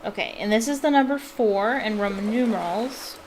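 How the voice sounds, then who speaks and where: A woman's voice: medium pitch, normal speed, background noise. A young woman casually commenting on a puzzle game, musing aloud and hesitant, with many fillers. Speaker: let's play gamer.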